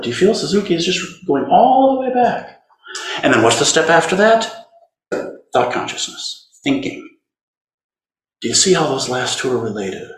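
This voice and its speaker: A man teaching a dharma talk in a conversational, gentle way, turning tender as he speaks to inner suffering. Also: on the high side, big pitch swings, normal speed, pauses often. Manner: gentle, conversational, tender when voicing compassion. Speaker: Zen teacher. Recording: roomy hall recording.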